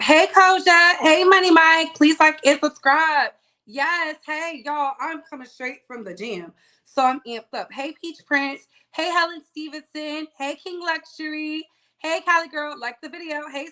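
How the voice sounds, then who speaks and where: Sassy lady running a live stream, high bright voice, calls out the chat by name. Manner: chatty, greets viewers by name, sassy asides. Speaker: host of a live-streamed gossip show.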